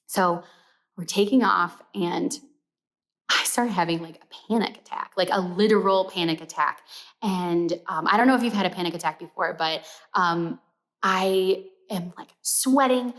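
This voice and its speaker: A young adult woman casually telling a personal story, animated, with lots of "like" fillers and dropping to a whisper for the gross parts. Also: fairly low pitch, moderate pace. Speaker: sewing pattern company storyteller.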